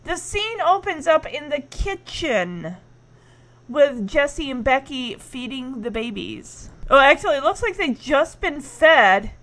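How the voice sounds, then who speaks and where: A high-voiced woman chats casually through an episode recap. She giggles often and acts out the characters' lines as she goes. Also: big pitch swings, takes it slowly, fairly bright tone.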